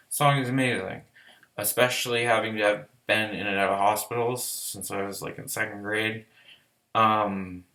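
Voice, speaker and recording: A man's voice: on the low side, pushed and bright. A man giving a casual, rambling, profane and enthusiastic album review in a vlog. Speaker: music reviewer.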